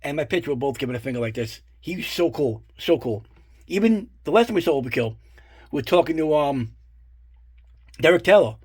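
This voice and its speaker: A middle-aged man tells loose, profane stories in a casual show-and-tell. His voice is somewhat husky and sits a little high for a man. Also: lively intonation, brisk, darkish tone. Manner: rambling, profane, full of fillers and asides. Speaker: collector showing his guitar picks.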